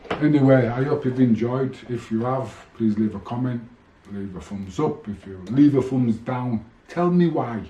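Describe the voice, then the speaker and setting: A man's voice: medium pitch, unhurried, dark tone, slight background noise. A man, a former boxer bluntly telling stories from his career in a rambling, swearing way. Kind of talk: casual monologue to camera. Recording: echoey room.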